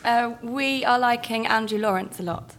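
A woman's voice: on the high side, moderate pace, fairly bright tone. A woman journalist guest on a stage chat, talking casually with many hesitations. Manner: chatty, hesitant with many ums. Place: theatre stage.

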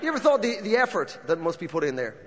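A man's voice: high-pitched, very animated, fast, a faint crowd. A man doing stand-up comedy on stage, musing with rhetorical questions. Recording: long hall reverb, faint noise.

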